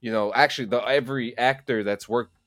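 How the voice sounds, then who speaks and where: A man's voice: medium pitch, fairly even intonation, a little fast, a bit bright, no room sound, clean studio sound. A man co-hosting a podcast, bringing up news items and often repeating words. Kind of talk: casual podcast chat.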